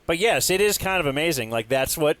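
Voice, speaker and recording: A man's voice: a little high, expressive, a little fast, a bit bright. A man hosting a casual comedy podcast, making sarcastic jabs and asking teasing questions. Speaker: podcast host.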